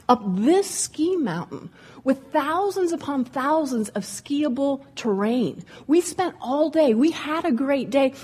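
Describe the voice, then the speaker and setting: A woman, a former ski instructor, giving a humorous storytelling speech to an audience in a room and acting out the characters' voices. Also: high-pitched. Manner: lively, comic, acts out voices.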